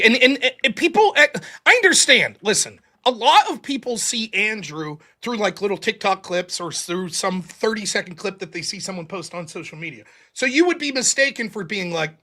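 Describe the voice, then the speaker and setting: Male talk host, high bright voice, profane ranting style. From United States. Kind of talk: casual call-in show chat.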